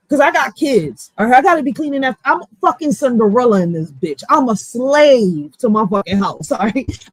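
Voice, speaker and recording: A woman's voice: high voice, no echo, rough recording. A woman with a Philadelphia accent, a block captain ranting bluntly and profanely in a casual vlog. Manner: blunt, profane, fired-up street talk.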